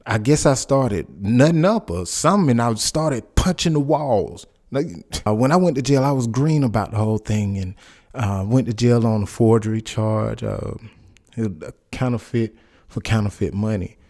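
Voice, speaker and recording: A man's voice: mid-range voice, normal speed, a little mellow. Rambling man, podcast host. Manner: rambling, loose and conversational, with many restarts. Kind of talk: casual commentary and personal storytelling.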